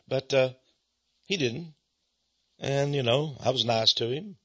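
A husky-voiced man preaches by telling stories, his pitch leaping animatedly as he chuckles along. His tone is bright and forceful. The recording sounds slightly dull and lo-fi. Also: animated, slow pace. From Texas, USA. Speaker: Christian speaker. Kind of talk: storytelling sermon.

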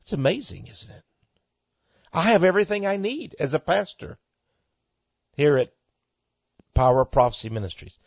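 A husky-voiced man preaches on his own radio ministry show, reading listener mail and answering in a homespun, earnest manner. He builds to fervent, rising exclamations. The sound is dry and close, with a dull, lo-fi broadcast quality. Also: on the high side, big pitch swings, moderate pace, pauses often, no echo.

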